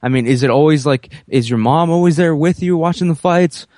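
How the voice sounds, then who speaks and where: A man's voice: fairly high pitch, brisk, a little mellow, no echo, clean studio sound. A man hosting an interview, asking casual questions with lots of fillers. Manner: laid-back, filler-heavy questions. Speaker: podcast host.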